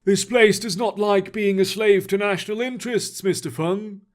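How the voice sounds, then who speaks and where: An ancient librarian, old and wry, with a raised, unhurried voice full of calm amusement, as a man reads him aloud. Nothing rattles him, and he speaks as if he knows far more than he says. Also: high-pitched, voice pushed up, close to an everyday voice. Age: older.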